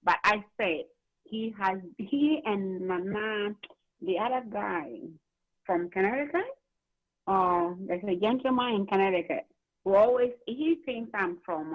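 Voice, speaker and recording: A woman's voice: mid-range voice, animated, a little slow. A woman calling into a radio show, speaking hesitantly and apologetically. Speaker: caller. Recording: muffled phone line.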